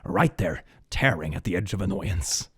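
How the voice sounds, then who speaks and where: A man's voice: low-pitched, expressive, normal speed, husky, voice pushed down, heavily acted. A man voicing a condescending, overconfident male internet commenter who is sure he knows best. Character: smug know-it-all internet commenter, male.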